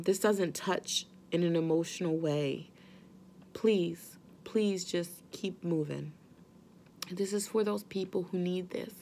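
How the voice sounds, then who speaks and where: A mother vlogging straight to her viewers, earnest and gentle, reassuring them that they are not alone. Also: fairly low pitch, slight background noise. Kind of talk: heartfelt direct-to-camera talk.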